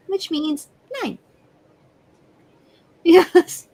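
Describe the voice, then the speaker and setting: Woman, high voice, slow and hesitant, giggly stream co-host. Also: big pitch swings, creaky, a little hiss or hum. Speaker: regular co-host reading viewer ratings. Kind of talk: casual live-stream chat.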